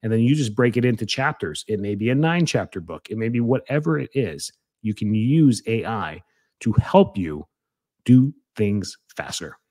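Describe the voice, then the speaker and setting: A man's voice: fairly low pitch, animated, normal speed, mellow, no room sound. A man hosting a podcast as a chiropractor, talking casually and energetically, rambling with restarts and fillers.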